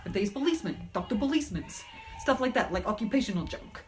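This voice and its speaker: A woman playing a blunt Russian woman with a put-on Russian accent and broken grammar, talking in a deadpan, matter-of-fact way in a class skit. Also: mid-range voice, fast talker, soft background music, lightly acted. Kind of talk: comedic skit interview.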